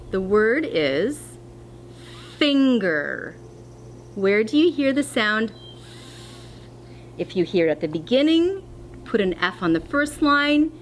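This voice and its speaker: Woman teacher, patient and clear for small children, animated pitch, slight hum on the recording. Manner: slow, clear, encouraging teacher talk to young children. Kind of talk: distance-learning phonics lesson.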